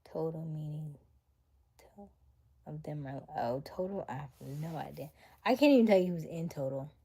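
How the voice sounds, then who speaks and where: A young livestream host chats casually and reads her viewers' comments in a deep, warm voice that's creaky and husky. She's animated, moves at a moderate pace, and sometimes slips into a whisper.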